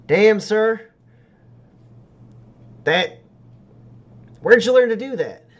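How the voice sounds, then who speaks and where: A man's voice: high-pitched, animated, drawn-out words, lo-fi sound, pitched above the performer's own voice, full character voice. A man voicing a friendly, easygoing male mechanic with folksy slang. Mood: amazed.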